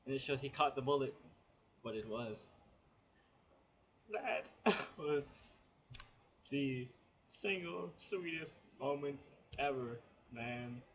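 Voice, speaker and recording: A man's voice: mid-range voice, slow pace, pauses often, a little hiss or hum. A man giving a casual spoken comic book review, chatty and rambling as he retells the plot.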